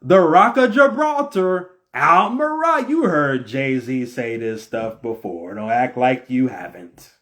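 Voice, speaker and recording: Animated man preaching to his viewers. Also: mid-range voice, slow pace, few pauses. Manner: animated, preachy, rhetorical questions. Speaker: video host. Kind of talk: casual spiritual talk to viewers.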